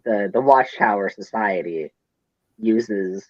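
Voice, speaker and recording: A man's voice: fairly low pitch, slow pace, no echo, muffled recording. A man with a Midwestern accent, co-hosting a casual podcast chat, rambling and swearing as he gets flustered. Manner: rambling, profane, flustered ranting. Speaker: podcast co-host.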